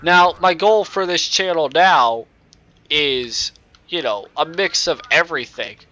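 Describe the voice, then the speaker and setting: A young man with a nasal voice and a bright edge to it talks through a racing game on a cheap microphone. He rambles in loose, excitable bursts and breaks off to curse at what happens on track. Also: a little high, a little slow, dry recording, muffled recording. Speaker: gaming YouTuber. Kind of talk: casual gameplay commentary.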